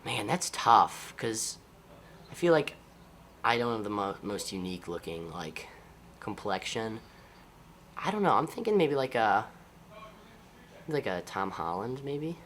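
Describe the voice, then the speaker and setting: A high school senior football player from Ohio with an Ohio accent, answering interview questions in an easygoing, upbeat way. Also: male voice, big pitch swings, measured pace, long pauses, a bit bright, slight background noise. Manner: upbeat, easygoing, laughs often.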